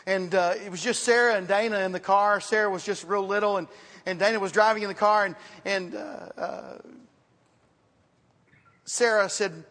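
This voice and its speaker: A man preaching a sermon as pastor, in a conversational style, repeating words and dropping to quiet asides. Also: high voice, moderate pace. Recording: reverberant hall, sometimes off mic.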